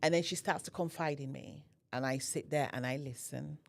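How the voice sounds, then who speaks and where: Woman, low voice, podcast guest, personal storytelling, acts out dialogue. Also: normal speed, gravelly. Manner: animated, acts out quoted dialogue.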